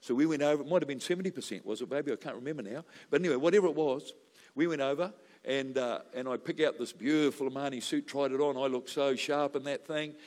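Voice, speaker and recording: Joking preacher in an echoing hall. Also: male voice, medium pitch, fast talker. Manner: storytelling, joking, building to loud preaching. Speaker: pastor. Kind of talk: sermon. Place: church hall. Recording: long reverb of a large hall.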